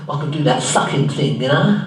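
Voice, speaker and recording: A man's voice: mid-range voice, expressive, fairly quick, close to an everyday voice. A man playing a bumbling, well-meaning, accident-prone man, telling a rambling comic story live on stage. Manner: naive, earnest, rambling storytelling full of mishaps. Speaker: stand-up tribute performer. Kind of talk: live comic monologue in character. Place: theatre stage. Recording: very echoey live room, mic far off.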